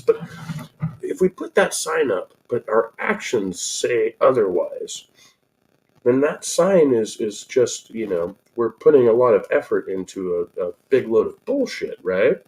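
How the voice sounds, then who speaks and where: In casual commentary, a man reads and reacts to a blog post, rambling and sarcastic, full of restarts, self-corrections and asides. His mid-range, darkish voice is very animated yet a little slow. The rough recording has slight background noise.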